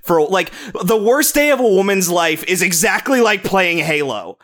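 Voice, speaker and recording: Male co-host, opinionated storyteller, slightly high and bright-voiced. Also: very animated. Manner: quick, opinionated storytelling with some swearing. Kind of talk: casual chat.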